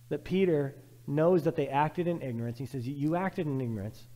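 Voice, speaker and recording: A fervent male preacher delivers a sermon, driving points home with repetition and swinging between loud urging and hushed reflection. His voice sits somewhat high for a man. It rings out with a long reverb, as in a large hall. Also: a little fast. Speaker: pastor.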